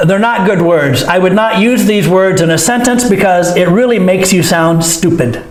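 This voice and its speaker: A man teaching a language lesson, slowly acting out each sound he explains. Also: high-pitched. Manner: slow, demonstrative, acts out each sound. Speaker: English teacher. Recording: echoey room.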